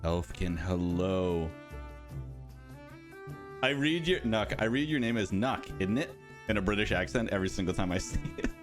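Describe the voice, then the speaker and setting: Lively, playful male stream host. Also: sits low, moderate pace, pauses often, over music. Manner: playful, greets chat by name, rambling asides. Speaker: livestream host for a game studio. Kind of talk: casual livestream chat.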